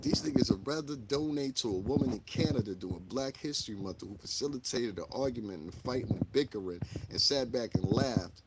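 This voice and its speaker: A man's voice: mid-range voice, animated, brisk, hardly any pauses, heavy background noise. A man from the United States hosting a casual livestream from his bedroom, rambling frankly and profanely into a tablet. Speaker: livestream host.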